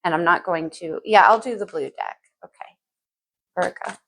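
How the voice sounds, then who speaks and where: A woman's voice: on the low side, normal speed, creaky, rough recording. A woman reading tarot cards for her viewers in a chatty, think-aloud way. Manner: chatty, thinks aloud, sings lyrics softly. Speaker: tarot reader.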